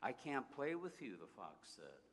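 A gentle, wise fox from a storybook speaks slowly and earnestly, voiced by a man reading aloud. His unhurried words ring out in a long hall reverb. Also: mid-range voice, very animated, slightly rough, exaggerated voice. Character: wise gentle male fox, patient teacher.

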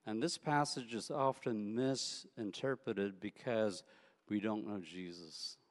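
A man's voice: fairly low pitch, takes it slowly. Conversational male preacher in an echoey hall. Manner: conversational, anecdotal, repeats words. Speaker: pastor. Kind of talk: sermon.

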